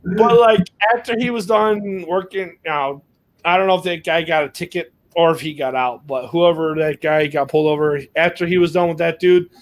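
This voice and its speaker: A man's voice: fairly high pitch, normal speed. A man telling a long, rambling story in casual podcast chat, full of fillers and swearing. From United States. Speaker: podcast co-host.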